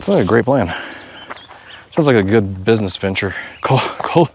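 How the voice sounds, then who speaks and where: A man narrating a casual outdoor travel vlog, joking to himself while he explores a lake and drives a rough road. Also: fairly low pitch, normal speed, a little hiss or hum. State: out of breath at altitude. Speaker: travel vlogger. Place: outdoors by a mountain lake and in a vehicle.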